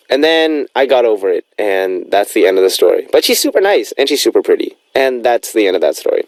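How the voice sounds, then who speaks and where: A man's voice: fairly low pitch, sing-song, quick pace, few pauses, darkish tone, no room sound. Chatty young man DJing the radio. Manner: rambling and chatty, with many fillers. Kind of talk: casual radio chat.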